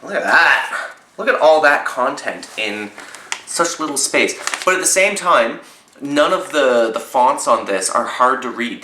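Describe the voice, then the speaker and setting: A man's voice: medium pitch, echoey room, noisy background. A man with a Canadian accent reviewing zines in an enthusiastic, chatty vlog, swearing casually now and then. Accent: Canadian English. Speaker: zine reviewer.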